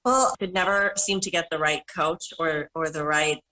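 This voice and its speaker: A middle-aged woman from Minnesota, a panel guest rambling through animated anecdotes and correcting herself as she goes. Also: sits low, moderate pace, poor audio. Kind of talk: casual storytelling.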